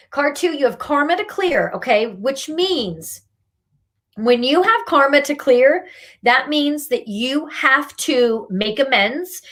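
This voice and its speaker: Woman host, live card reader, higher voice, slow and emphatic, tough-love scolding. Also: a bit bright. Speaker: spiritual reader and meditation host. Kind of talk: live-streamed card reading.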